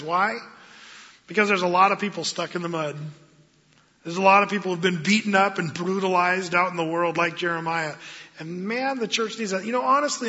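A man preaching a sermon as pastor of his church, animated and acting out quoted voices. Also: high voice. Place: church sanctuary. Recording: dull lo-fi sound with long hall reverb.

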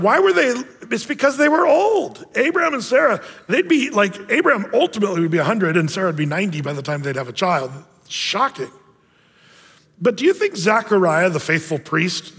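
A man preaching with a high, lifted voice and a loose, joking delivery. He keeps it conversational and sometimes acts out Bible figures in playful voices. His voice trails off into a long hall reverb. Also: a bit bright. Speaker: pastor. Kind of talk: sermon.

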